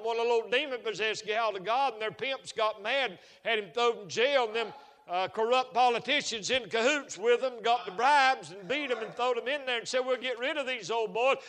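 A man with a high, bright voice delivers a sermon, starting as folksy storytelling and building into shouted fervor. A long hall reverb trails behind his ringing voice.

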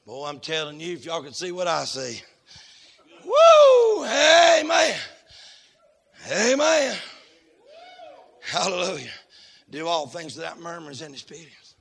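A man preaching a sermon in church, fervent and folksy, swinging between shouted lines and low asides. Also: a little fast, creaky.

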